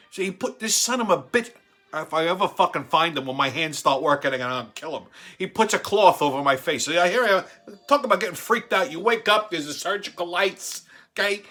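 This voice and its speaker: A man's voice: a little high, pushed and bright. A man, telling a crude, profane comic story as host and acting out the quotes. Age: 40s. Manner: brash, crude, swears constantly, acts out quotes. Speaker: show host. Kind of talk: profane comedic storytelling monologue.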